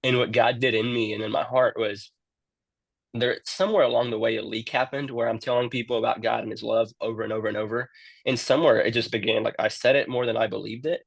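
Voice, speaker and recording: Earnest man with a gravelly voice. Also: mid-range voice, steady tone, fast talker, no echo. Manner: earnest, repeats words when starting sentences. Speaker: youth minister and guest. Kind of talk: casual storytelling interview.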